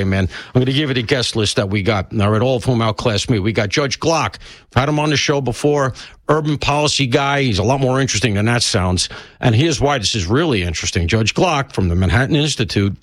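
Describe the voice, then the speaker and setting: A man's voice: medium pitch, no echo. An older man filling in as a talk-radio host, chatting in a rambling, self-mocking way and sounding stuffy from allergies. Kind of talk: casual talk radio monologue.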